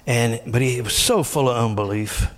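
Middle-aged man preaching with animated emphasis. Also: normal speed. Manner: animated preaching with emphatic high pitched bursts and quieter asides. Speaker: pastor. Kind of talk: sermon.

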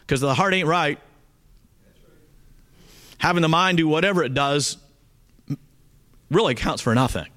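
A man's voice: fairly high pitch, a bit bright. A man teaching a Bible study in a conversational, earnest way, often checking in with his listeners.

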